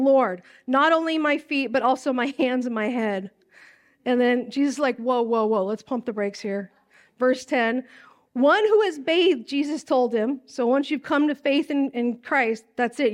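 A woman pastor teaching a sermon from scripture in a casual way, acting out lines in a livelier voice. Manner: casual, animated, acts out lines in a high voice.

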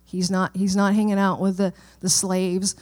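A woman's voice: mid-range voice, level tone, normal speed, darkish tone. A middle-aged woman pastor preaching a sermon in a church, in a conversational way that often checks in with the listeners.

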